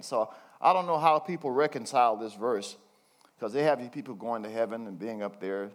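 An older man preaching a conversational sermon, reading scripture slowly between folksy, chuckling asides. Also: mid-range voice. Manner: folksy, chuckling asides, slows down to read verses.

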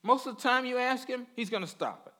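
A man's voice: very high-pitched, lively intonation, quick pace, pushed and bright. A man giving a conversational sermon in a folksy way. He repeats words and keeps checking in with his listeners. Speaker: preacher.

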